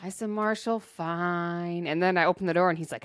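A woman co-host chats casually and tells stories with animated energy, often breaking into laughter. Her voice sits on the low side for a woman. The recording is dry and close, on a dynamic podcast microphone. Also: quick pace, no echo. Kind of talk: casual chat.

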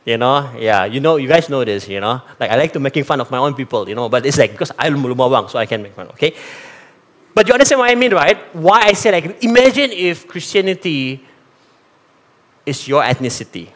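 A man's voice: medium pitch, fairly quick. A man from East Malaysia with a Malaysian accent, preaching a sermon and talking straight to the congregation. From East Malaysia (Sarawak). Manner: animated, talks straight to the congregation, mixes in Malay phrases.

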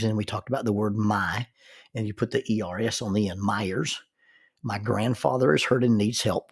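Older grandfather type, husky low-ish voice, halting reflective storyteller. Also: a little mellow. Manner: halting, repeats words when starting sentences. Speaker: grandfather telling life-lesson stories.

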